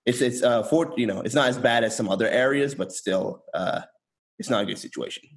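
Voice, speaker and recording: A young man from rural East Tennessee who grew up speaking Bengali first, chatting as an interview guest in a relaxed way with lots of fillers and restarts. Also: mid-range voice, fairly quick. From rural East Tennessee, USA. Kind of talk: casual conversational interview.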